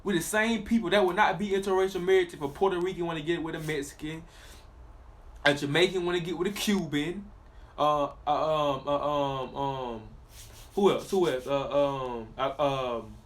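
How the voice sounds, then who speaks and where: A man's voice: a little high, normal speed. A man giving a preachy monologue to the viewer, reading scripture aloud and stressing his points through repetition. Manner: emphatic, repetitive, addresses the viewer directly. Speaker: religious commentator.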